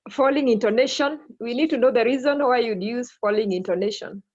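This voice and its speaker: A woman's voice: on the high side, fairly quick, a little mellow. A woman teacher leading an online English lesson, prompting students and repeating their answers back. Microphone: video call. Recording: muffled video call audio.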